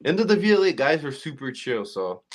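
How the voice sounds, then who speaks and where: A man's voice: fairly high pitch, very animated, brisk, slight background noise. Blunt, opinionated man in casual chat. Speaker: co-host.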